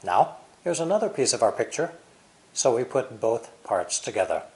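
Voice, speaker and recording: American teacher man, lively intonation. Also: medium pitch. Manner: clear, deliberate, exaggerated stress and intonation. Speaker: English teacher. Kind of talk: language lesson explanation.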